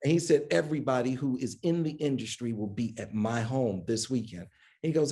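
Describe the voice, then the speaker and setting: A media executive appearing as a guest on stage in an event hall, this man speaks at a normal speed in a mid-range voice. In the live conversation he tells stories with lively emphasis, acting out the lines of other people.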